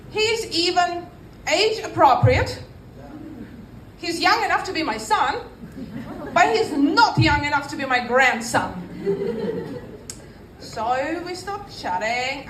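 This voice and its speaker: A female stand-up comic in her 40s with a Russian accent delivers her set dryly and unhurriedly, with pauses. Her high-pitched voice sits a bit far from the mic in an echoey room, with background noise.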